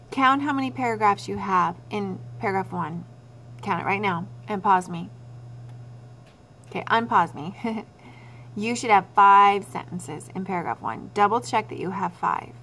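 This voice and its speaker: A woman teacher talks students through a writing lesson in a steady, instructive way, repeating each key point. Her voice sits at a middle pitch. A faint hum runs under the recording.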